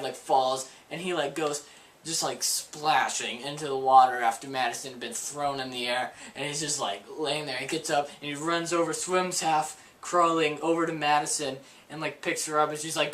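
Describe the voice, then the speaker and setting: A man's voice: fairly high pitch, steady tone, moderate pace, fairly bright tone, low-quality recording. A young man vlogging a childhood story to camera, rambling and full of "like" and "um.". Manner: rambling, filler-heavy with frequent "like".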